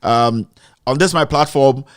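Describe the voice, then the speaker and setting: In casual live-stream commentary, a Ghanaian man hosting an online show greets viewers by name before launching into an animated rant mixing English and Twi. His voice is mid-range and a little slow. The sound is studio quality with no echo.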